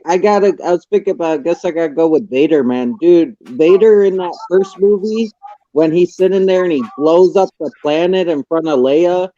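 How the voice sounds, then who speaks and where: A man's voice: on the high side, dark tone, no room sound, lo-fi sound. A man in casual chat on a livestream, hesitant at first and slangy.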